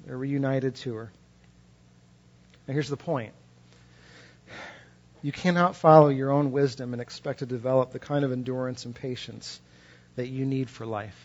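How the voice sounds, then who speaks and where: A man's voice: mid-range voice, fairly even intonation, normal speed, pauses often, darkish tone, muffled recording. A male pastor preaching a sermon, telling stories with passion and emphatic repetition.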